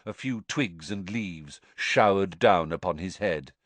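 A man narrating a novel aloud in an expressive storytelling reading. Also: low-pitched, a little slow, no echo. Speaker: audiobook narrator.

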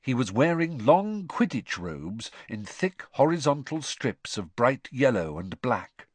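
A man reading a novel aloud as its narrator, his pitch moving lively and expressively through each sentence. The recording sounds close and dry, with no room in it. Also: no echo. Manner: expressive storytelling. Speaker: audiobook narrator. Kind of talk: scripted narration.

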